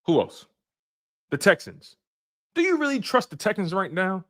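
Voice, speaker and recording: Lively high-voiced man hosting a sports stream. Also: normal speed. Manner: animated, teasing chat readers by name. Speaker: sports podcast host. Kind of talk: casual live stream talk.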